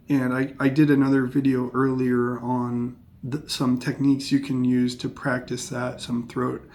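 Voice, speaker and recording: A man from Seattle with a General American accent, explaining accents in a casual, hesitant way with many pauses. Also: mid-range voice, creaky. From Seattle, United States. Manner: plain, hesitant with frequent ums. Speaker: English teacher. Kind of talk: casual educational talk.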